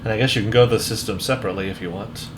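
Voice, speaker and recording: A man's voice: on the low side, racing, noisy background. A man casually commenting on a video game as he plays, reading the game text aloud. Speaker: let's play host.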